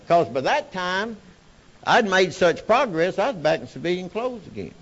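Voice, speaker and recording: A man giving a personal testimony talk, swinging between hushed and shouted delivery. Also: sits high, sing-song, normal speed, muffled recording. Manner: Southern-style storytelling, emotional swings from hushed to shouting. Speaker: speaker sharing recovery story.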